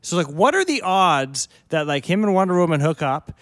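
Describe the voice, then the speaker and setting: A man with a slightly high voice recounts movie scenes in loose, casual podcast chat, dropping quick asides as he goes. The recording is dry and close to the mic. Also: sing-song, dry recording. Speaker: podcast co-host.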